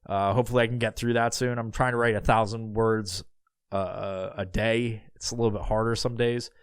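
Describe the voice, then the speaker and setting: A man's voice: fairly low pitch, steady tone, normal speed, smooth, dry recording, studio quality. A man hosting his own podcast alone, talking in a loose, rambling way with lots of swearing. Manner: rambling and profane, with many fillers. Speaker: podcast host. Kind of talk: casual solo podcast monologue.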